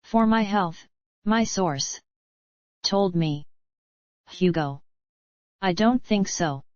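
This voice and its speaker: A woman reading a screenplay aloud in a flat manner, naming each speaker before the line. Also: fairly low pitch, very slow, no room sound, dull audio.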